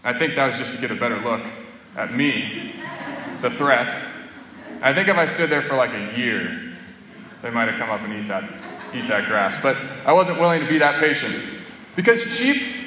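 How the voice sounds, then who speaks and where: A priest delivers a homily, telling his points in an easy, conversational way. His voice is bright and forward. The recording was made in a church, so the sound rings off the walls with a long reverb tail and faint room noise underneath. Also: mid-range voice. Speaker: Catholic priest.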